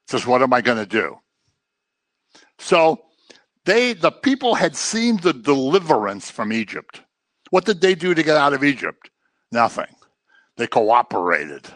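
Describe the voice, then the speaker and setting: Animated man teaching a Bible class. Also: mid-range voice, dry recording. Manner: animated, acts out quotes in voices, jokes with the class.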